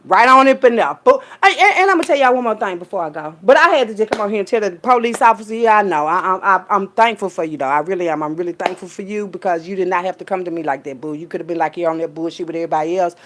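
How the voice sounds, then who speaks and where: A woman, telling a story in a casual rant full of profanity and swinging between loud, high bursts and low, quiet asides. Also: rapid-fire, few pauses, slight background noise. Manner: animated, profane, streetwise storytelling with big pitch jumps when quoting people. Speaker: vlogger.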